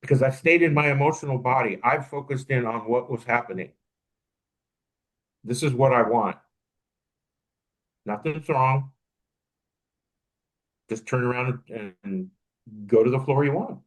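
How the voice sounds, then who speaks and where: Guy on a podcast talking it through out loud, mid-pitched voice, lots of restarts, reflective. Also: a little slow, pauses often, poor audio. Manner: reflective, thinking aloud with frequent restarts. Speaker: podcast co-host. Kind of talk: casual podcast conversation.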